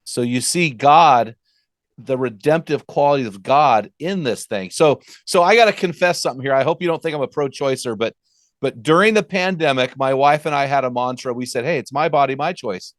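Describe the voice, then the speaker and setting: A man's voice: medium pitch, normal speed, dry recording, clean studio sound. A man hosting a podcast interview, talking earnestly and stressing his points. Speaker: podcast host. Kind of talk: conversational interview.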